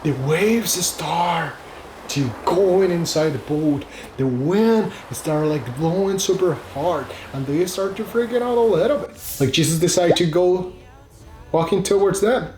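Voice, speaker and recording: A man's voice: on the high side, a little mellow, roomy sound. A man casually retelling a Bible passage and giving a short devotional, speaking informally and using "like" often, with non-native phrasing.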